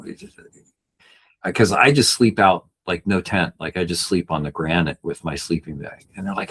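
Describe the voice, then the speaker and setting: This middle-aged man, a guest on a podcast, has a slightly rough, somewhat bright voice and a moderate pace. Earnest throughout, he shares a personal story and performs quoted people in a raised pitch.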